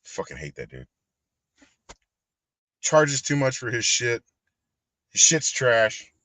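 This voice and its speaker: A man, high and ranting with heavy profanity in a casual livestream about collectibles and prices. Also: very animated, takes it slowly, pushed and bright, no room sound. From Texas. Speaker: collectibles channel host.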